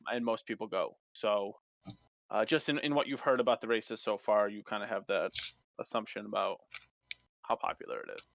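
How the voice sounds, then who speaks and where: A man running a tabletop game as game master, narrating casually and haltingly. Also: fairly low pitch, fairly even intonation, gravelly, a bit bright, dry recording. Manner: casual, halting, many fillers.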